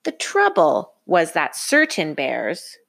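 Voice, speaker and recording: A woman reading a picture book aloud to a child in an expressive, sing-song way. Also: low voice, takes it slowly, vocal fry. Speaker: storybook reader.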